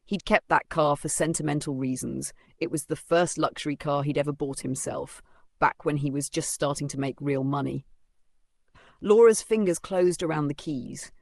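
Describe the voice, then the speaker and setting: A man reading a dramatic story as narrator in steady, scripted storytelling. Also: on the high side, creaky, no room sound.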